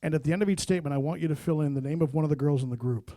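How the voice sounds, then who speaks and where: A male radio host running a party game in a casual interview. He is encouraging and reads the prompts out slowly. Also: a little high, mellow, no echo.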